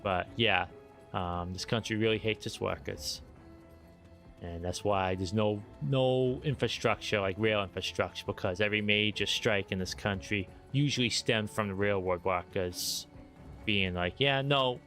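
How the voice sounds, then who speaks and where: An American man chats casually while streaming, opinionated but easygoing. His voice sits on the low side. Faint game music runs behind him. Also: steady tone, a little slow, a bit bright. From United States. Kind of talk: casual chat while gaming.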